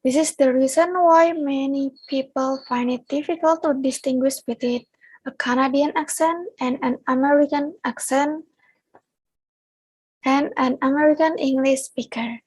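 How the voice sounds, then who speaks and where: A woman's voice: high voice, steady tone, moderate pace, a little mellow, dry recording, poor audio. A young Indonesian woman with an Indonesian accent, reading a prepared class presentation aloud as a student. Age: young adult. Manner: reads a prepared script aloud.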